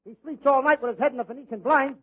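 A comedian who talks in a gabby, childlike, blurting way, in 1940s radio comedy on a noisy old broadcast recording. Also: male voice, very high-pitched, steady tone, racing, muffled recording.

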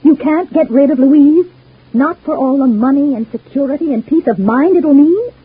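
An actress playing a scheming, cruel wife in an old-time radio soap, talking with cold, scornful menace. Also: female voice, high-pitched, normal speed, dry recording, lightly acted. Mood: contemptuous. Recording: husky lo-fi old radio broadcast.

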